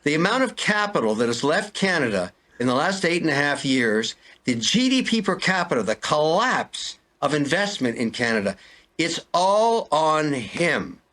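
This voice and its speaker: A man's voice: a little high, very animated, normal speed, a bit bright. An older man ranting in an interview, exasperated and pleading, repeating himself. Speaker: interview guest. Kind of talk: heated interview rant.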